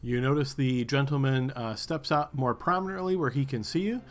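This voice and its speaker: A man running a tabletop game as game master, describing scenes at a halting pace with fillers. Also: medium pitch.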